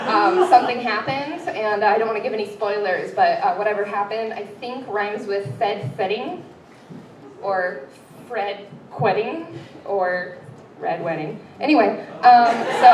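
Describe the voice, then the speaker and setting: Young woman doing stand-up, rambly and self-deprecating, lots of ums, mic kinda far off in a roomy theater. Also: medium pitch. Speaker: stand-up comedian. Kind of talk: stand-up comedy set. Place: improv theater stage with live audience. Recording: roomy, from far off, crowd and noise.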